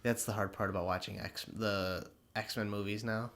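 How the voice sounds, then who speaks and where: A man's voice: on the low side, steady tone, normal speed, fairly bright tone. A young man co-hosting a podcast in casual chat, rambling, laughing often and swearing freely. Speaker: podcast co-host.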